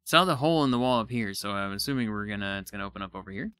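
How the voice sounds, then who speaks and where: Bright-voiced excitable man playing a game. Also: fairly low pitch, racing, clean tone, no echo. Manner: excitable, thinks aloud, self-deprecating. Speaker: gaming YouTuber. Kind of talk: casual let's-play commentary.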